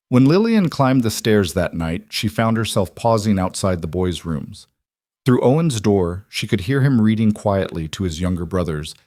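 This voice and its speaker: A man with a lowish voice calmly reads a romance story as scripted narration, keeping an even storytelling tone. The recording is dry and clean, with a studio sound.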